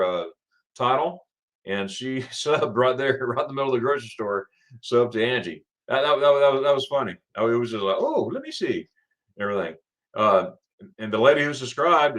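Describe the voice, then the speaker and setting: A man's voice: medium pitch, brisk, a bit bright. A middle-aged man from Florida hosting a casual morning livestream, rambling, repeating his words and greeting viewers by name. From Florida, USA. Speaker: livestream host.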